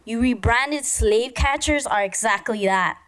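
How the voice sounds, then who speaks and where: A woman's voice: fairly high pitch, measured pace, fairly bright tone, clean tone, low-quality recording. A woman giving an angry, profane public comment at a police commission meeting, speaking into a podium microphone in a meeting chamber. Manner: furious, profane, confrontational.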